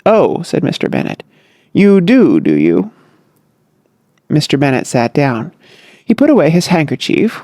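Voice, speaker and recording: Lively, wry audiobook narrator. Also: mid-range voice, gravelly, no room sound, studio quality. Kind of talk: scripted narration.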